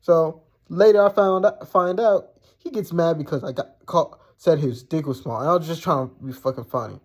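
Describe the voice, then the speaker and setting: A man's voice: a little high, normal speed. A young man casually telling a personal story, blunt and profane, rambling with lots of fillers.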